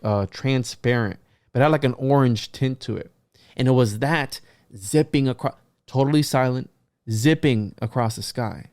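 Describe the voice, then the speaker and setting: A man hosting a podcast, telling a story to his guests in a casual, animated way and acting out what people said. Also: medium pitch, dry recording, clean studio sound. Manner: animated storyteller, quotes people in lively voices, frequent restarts. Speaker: podcast host.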